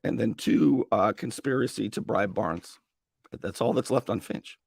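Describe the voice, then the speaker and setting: A male talk radio host with a strained, gravelly voice, giving an opinionated monologue and acting out mock dialogue. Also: a little slow, dry recording, clean studio sound. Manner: animated, acts out mock dialogue with sudden high-pitched bursts. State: strained voice after a long day.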